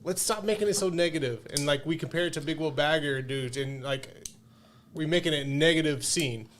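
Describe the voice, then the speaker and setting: A man co-hosting a podcast in casual chat, excitable and emphatic, swearing freely. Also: fairly high pitch, brisk, a little hiss or hum.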